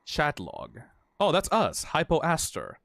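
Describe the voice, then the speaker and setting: A male streamer talks through a game at an unhurried pace, his pitch swinging widely from low mutters to high cries. He reads the dialogue aloud and reacts with emotional exclamations and swearing. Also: huge pitch swings, creaky, a bit bright, no room sound, clean studio sound. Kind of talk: live game commentary, reading dialogue aloud.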